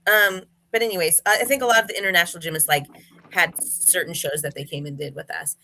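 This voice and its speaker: Interview guest, woman, chatty anecdote-teller, bright forceful voice. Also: lowish voice, fairly even intonation, fast talker. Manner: chatty storyteller, many fillers and restarts. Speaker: interview guest, former gymnast. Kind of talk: casual interview chat.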